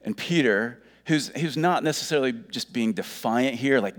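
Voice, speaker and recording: A middle-aged pastor delivers a sermon in a loose, conversational way, tossing in joking asides and tripping over his own words. His voice sits at an ordinary male pitch. A long hall reverb trails every phrase, as in a church sanctuary. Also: normal speed, few pauses.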